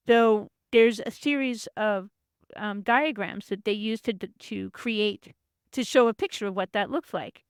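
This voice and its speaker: A woman's voice: mid-range voice, moderate pace, clear, resonant tone, no room sound, studio quality. A woman presenting a workshop lesson, explaining ideas in a conversational lecture and sometimes acting out quoted voices. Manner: acts out quoted voices, frequent restarts.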